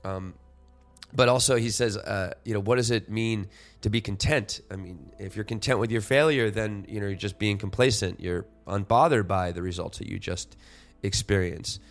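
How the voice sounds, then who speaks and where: A man's voice: fairly low pitch, normal speed, soft background music. A man in his forties hosting a solo podcast, talking reflectively and rambling with lots of "you know" fillers and restarts. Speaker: podcast host.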